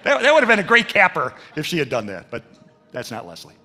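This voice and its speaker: An older man telling his faith story as a sermon at a church, with animated storytelling and acted-out quotes. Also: fairly high pitch, a little fast. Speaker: speaker at a church. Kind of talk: testimony sermon.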